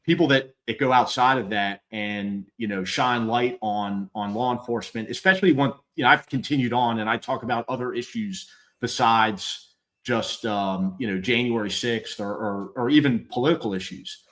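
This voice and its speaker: A middle-aged man, a former police officer hosting a live show, talking candidly and bluntly with halting repeats and swearing. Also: mid-range voice, a bit bright. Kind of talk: candid conversational chat.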